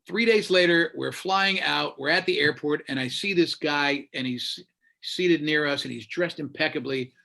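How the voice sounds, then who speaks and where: A man's voice: fairly high pitch, moderate pace, creaky. A man, a radio host, telling a story in casual conversation and acting out the people he quotes. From United States. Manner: animated, acts out quoted voices. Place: Florida.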